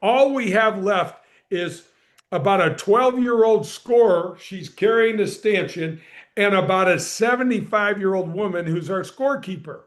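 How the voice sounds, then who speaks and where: A middle-aged man tells his story on a podcast with energy and emphasis. His voice sits high for a man. He punches key words and keeps the telling moving. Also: a little slow. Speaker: podcast guest, former pro golfer and radio host. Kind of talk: animated storytelling in conversation.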